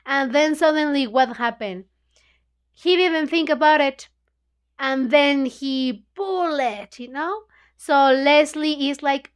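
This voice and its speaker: High-voiced woman teacher, slow and chatty, keeps saying you know like. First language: Spanish. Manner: chatty, says "you know, like" constantly, acts out lines. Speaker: English book club teacher. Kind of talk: retelling a story for learners.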